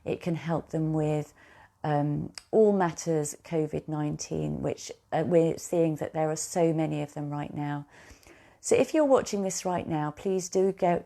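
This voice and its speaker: A woman coaching a guided tapping session, speaking slow, repetitive affirmations for the listener to repeat back. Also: low-pitched, creaky, dark tone. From United Kingdom.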